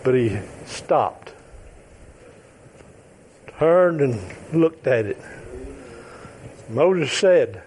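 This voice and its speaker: A man preaching a sermon, emphatic and repetitive, drawing out his phrases and now and then shouting or chuckling. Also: mid-range voice, animated, very slow, pauses often, slight background noise.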